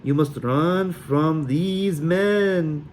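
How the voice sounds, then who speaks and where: A young woman hamming up a terrible fortune-teller accent, as a man puts her on, pitched well up and loud. She drags out her broken words. Faint hiss runs beneath. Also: big pitch swings. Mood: mock solemn. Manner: slow, broken put-on accent.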